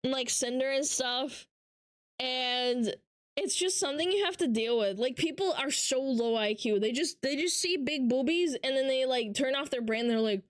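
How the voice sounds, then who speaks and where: Chatting casually on her livestream, a woman rants with heavy swearing and mocks her viewers through put-on impressions. Her voice is high-pitched and moderately paced, recorded at studio quality with no room sound.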